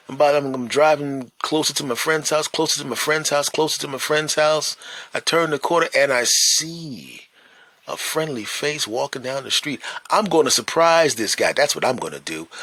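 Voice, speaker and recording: A man's voice: medium pitch, pushed and bright, no room sound. A man, a stand-up comedian hosting a podcast, telling a casual story and checking in with "right?" and "you know.".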